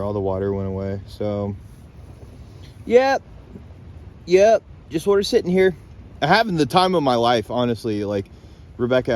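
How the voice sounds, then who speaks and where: A man's voice: on the low side, a little mellow, a little hiss or hum. Laid-back young man rambling outdoors. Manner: rambling, loose and laid-back, swears casually. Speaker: vlogger camping alone on an island. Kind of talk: casual rambling vlog. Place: outdoors on a lake island, in a tent and by a campfire. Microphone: handheld phone camera.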